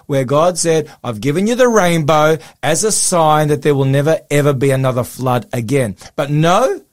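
Earnest croaky-voiced pastor man. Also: on the high side, lively intonation, normal speed. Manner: earnest, explanatory, with restarts. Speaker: pastor, co-host. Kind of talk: Bible study talk show.

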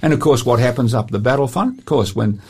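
A man, presenting a talk show and telling Bible stories with lively quoted voices. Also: medium pitch, fast, husky. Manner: animated storyteller acting out quotes.

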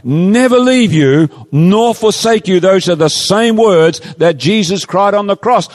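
A man preaching a sermon in a fairly high, very animated voice, swooping up and down as he stresses each point. He stretches out scripture quotes slowly and pleadingly. His voice rings with a long reverb, as if in a large hall. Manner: emphatic, pleading, drawn-out quoting of scripture.

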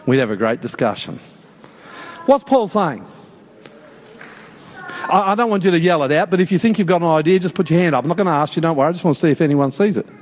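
A man preaches with a high, bright-pitched voice, joking and calling people up from the congregation. His words ring out with a long reverb through the church hall. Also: fast talker, long pauses, a little hiss or hum. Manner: lively, joking, calls out to the congregation. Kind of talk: sermon. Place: church worship service.

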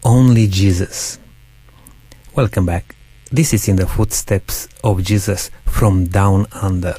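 A man hosting a Christian interview show, introducing his guest in a slow, measured way. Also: low-pitched, steady tone, mellow, slightly rough, soft background music. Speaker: host.

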